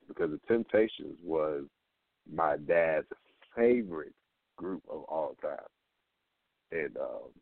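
A man's voice: low voice, dry recording. Radio host, man, loose and profane, dry sound. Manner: loose, profane, rambling with restarts. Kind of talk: casual radio talk. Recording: phone-line audio.

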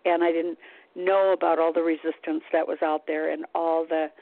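A woman's voice: sits low, normal speed, dry recording. Woman, chatty storyteller, tinny phone-like sound, dry. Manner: chatty, animated retelling with sighs and laughs. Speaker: guest, psychic. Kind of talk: casual interview storytelling.

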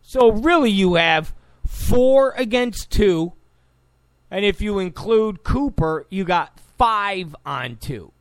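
With no echo, a political commentator speaks slowly in a high-pitched, animated voice. His opinionated monologue is sarcastic and combative, and he repeats points to drive them home.

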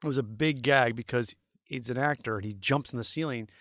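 A middle-aged man from St. Louis tells animated, rambling stories as a podcast guest, with lots of uh's and restarts. His voice sits at an ordinary pitch and sounds close and dry. His tone is easygoing. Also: brisk, dry recording. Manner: animated, rambling anecdotes with many fillers. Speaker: guest, creature effects artist. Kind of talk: casual storytelling interview.

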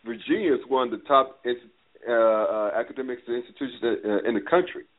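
A man hosts a sports talk show in a loose, conversational way, full of fillers and quick asides. His voice is thin and narrow, like audio coming through a phone. He keeps the chat friendly and informal. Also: mid-range voice. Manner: chatty, laughs and says "dude", stumbles on words. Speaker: podcast host. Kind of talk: casual podcast chat. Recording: phone-like line.

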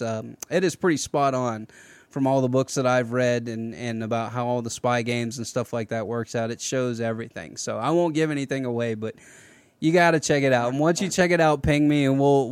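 A man hosts a casual political talk show. He rambles in an animated way and often restarts his sentences. His voice is mid-pitched and sits dry and close to the mic. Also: clean tone, dry recording. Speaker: podcast host.

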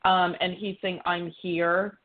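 Female psychic medium, lower voice, chatty, passes on messages, phone-line sound. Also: level tone, slow pace. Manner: chatty, relays messages as quotes. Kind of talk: live psychic reading on a call-in show.

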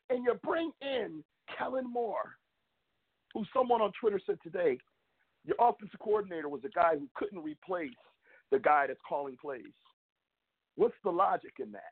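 A man's voice: high voice, sing-song, moderate pace, creaky, breathy edge. A man hosting a sports show, ranting in frustration, emphatic and rambling, often repeating himself. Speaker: sports podcast host. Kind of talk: heated sports rant. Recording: phone-like narrow audio.

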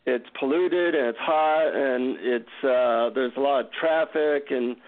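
A man, a guest author, telling an animated, self-mocking story in an interview over a tinny phone line. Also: mid-range voice, a little slow.

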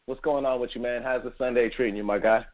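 A man's voice: medium pitch, steady tone, fast. A man hosting a casual boxing podcast, chatting upbeat with his co-host. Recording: tinny phone-like line.

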